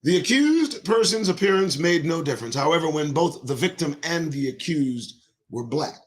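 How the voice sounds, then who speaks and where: Emphatic high-voiced man reading and preaching. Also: animated, normal speed. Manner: emphatic, repeats key lines, asks listeners pointed questions. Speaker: host reading and commenting on a report. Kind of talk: reading aloud with fiery commentary.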